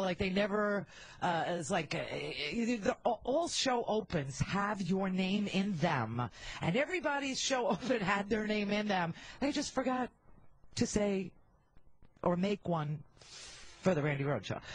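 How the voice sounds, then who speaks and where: A woman's voice: fairly low pitch, breathy edge, rough recording. A middle-aged woman hosting a talk radio show on a handheld mic, telling candid, wisecracking stories full of rambling asides.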